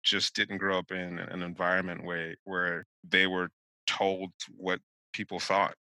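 A man talking in a casual discussion, reflective and measured, thinking aloud as he goes. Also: low-pitched, little pitch movement, sharp tone, no room sound, low-quality recording. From United States.

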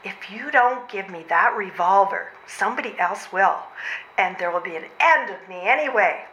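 A woman's voice: mid-range voice, animated, moderate pace, pushed and bright, muffled recording, slight background noise. A woman plays a worn-out, frantic mother and civil servant in a live stage comedy reading, overwrought, sighing and out of breath. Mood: despairing. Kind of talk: readers' theatre stage comedy. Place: old train station before a live audience. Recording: roomy hall sound.

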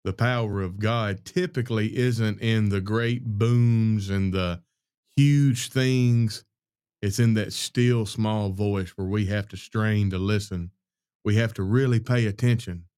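A man hosting a podcast, talking through scripture in a folksy, conversational preaching style, loud by his own account. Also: on the low side. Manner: folksy, conversational, calls listeners "y'all" and "buddy". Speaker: podcast host.

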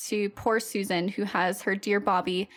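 A woman's voice: medium pitch, little pitch movement, normal speed. A woman hosting a podcast in casual chat, giggly and talkative, often filling her speech with "like.". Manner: giggly, chatty, many "like" fillers. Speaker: podcast host.

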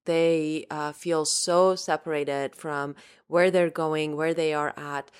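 A woman co-hosting a podcast, speaking in a measured, gentle way as she asks her guest questions. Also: sits low, fairly even intonation, clear, resonant tone. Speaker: podcast co-host. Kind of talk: casual podcast chat.

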